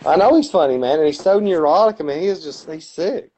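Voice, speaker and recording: A man's voice: on the high side, expressive, fast talker, warm tone, slight background noise. A man with a Birmingham, Alabama accent, rambling and laughing in a casual podcast chat as co-host. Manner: rambling, laughing, retelling comedy bits. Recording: dull lo-fi sound.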